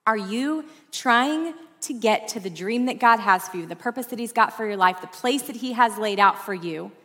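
A woman pastor preaching a sermon, telling a personal story with lively asides to the congregation. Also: fairly high pitch.

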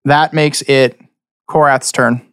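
A man's voice: mid-range voice, steady tone, slow, fairly bright tone, clean tone, no room sound. Man, game master, tabletop narration, dry close sound.

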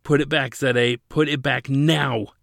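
A desperate young man in an audiobook, pleading high and hard with a loud, strained voice, as a male narrator puts him on. The pleas break into anguished cries. The voice stays gravelly and bright. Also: fairly even intonation, unhurried, no echo, clean studio sound. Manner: pleading, rising to anguished screams.

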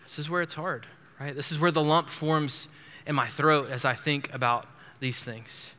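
Earnest preacher with a bright voice. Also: male voice, fairly high pitch, steady tone, normal speed, big-room sound. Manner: earnest, emphatic, repeats words as he builds a point. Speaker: pastor. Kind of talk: expository sermon. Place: church sanctuary.

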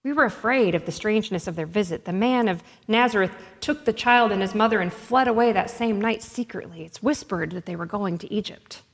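A frightened young village mother from a storybook, speaking low and hushed, as a woman reader puts her on. The voice sits at a middling pitch. A long hall reverb trails each phrase. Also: a little fast, hardly any pauses, natural voice. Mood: fearful hushed.

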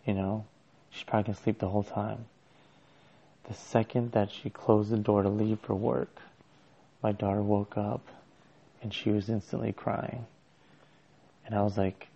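Low gravelly guy rambling thru a story, flat voice, kinda dull lo-fi sound. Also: normal speed, pauses often. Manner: hesitant and rambling, with many restarts. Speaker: father telling a personal story. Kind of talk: casual personal storytelling.

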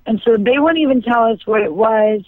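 A woman's voice: fairly high pitch, brisk, no echo. A woman actor chatting as a guest, rambling with lots of fillers. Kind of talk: casual interview chat. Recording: tinny dry phone line.

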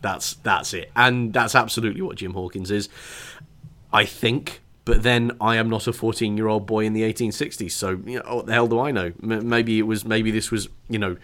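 A man's voice: lowish voice, fairly even intonation, moderate pace, a bit bright. A man co-hosting a casual book podcast, chatty and enthusiastic, with a self-deprecating streak. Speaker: podcast co-host.

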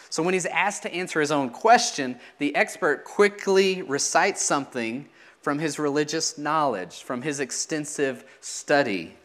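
In a teaching manner, a man delivers a sermon, posing rhetorical questions and letting his voice drop as phrases end. His voice is mid-range and a bit bright.

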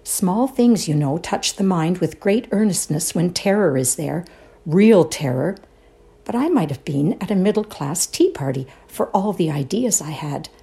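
A woman performing a dramatic reading of a ghost story, hushed and suspenseful, often dropping to a whisper. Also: fairly low pitch, lively intonation, a little slow. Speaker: reader in a readers' theatre show.

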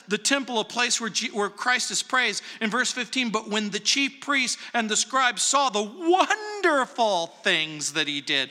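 A man preaching a verse-by-verse sermon in a church sanctuary, dramatic, swinging between loud emphasis and hushed asides. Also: very high-pitched. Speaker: pastor. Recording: long hall reverb.

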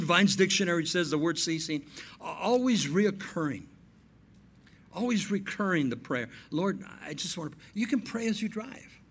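Male pastor, sermon, high voice, very lively delivery. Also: breathy edge. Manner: animated preaching with storytelling and quoted dialogue.

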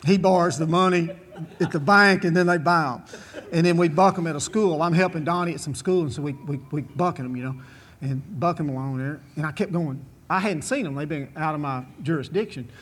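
A man's voice: fairly high pitch, a little fast, fairly bright tone, a little hiss or hum. Folksy man spinning a yarn. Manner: drawling, chuckling, repetitive restarts. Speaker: former bull rider speaking to an audience. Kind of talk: folksy storytelling talk.

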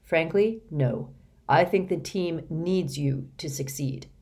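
Lady reading a kind old gent in an audiobook, low voice, soft and formal. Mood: gentle. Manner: gentle, measured, formal. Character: kindly wise older man, calm and gentle.

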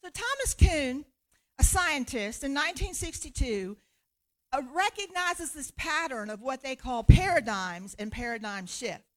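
A woman preacher giving a sermon in an animated, conversational way, laughing often. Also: sits high, measured pace.

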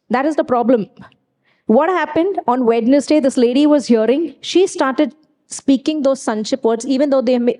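A woman's voice: fairly high pitch, warm tone. A woman preaching a sermon, emphatic and repeating key phrases, weaving in personal stories.

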